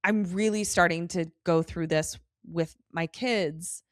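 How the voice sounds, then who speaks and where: Low-voiced woman recapping TV animatedly. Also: unhurried, no room sound, clean studio sound. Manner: animated storytelling, slips into quoted voices, swears. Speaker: podcast co-host. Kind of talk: casual chat, episode recap.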